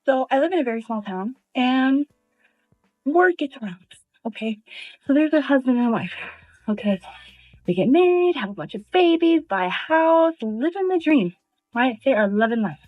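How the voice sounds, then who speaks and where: A chatty woman recounts gossip in a husky, slightly high voice, sprinkling her telling with fillers. The sound is tinny and phone-like, and the room is dry. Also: animated, normal speed, no echo, soft background music. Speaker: storyteller. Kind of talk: casual storytelling to viewers. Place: small town.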